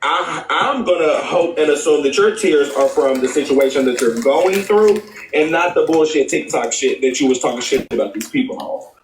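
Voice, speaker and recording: Male host, blunt and loose, slightly high voice, sounding roomy and set back from the mic. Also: expressive, moderate pace, far from the mic, slight background noise. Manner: blunt, laughing, calls people to speak. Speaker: live panel host. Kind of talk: casual live-stream commentary.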